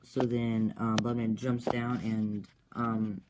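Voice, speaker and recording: A man's voice: fairly low pitch, level tone, takes it slowly. A man casually retelling an adventure story he made up, hesitant, with many ums and restarts. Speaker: comic creator retelling his story. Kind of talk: rambling casual story recap. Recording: clear background noise.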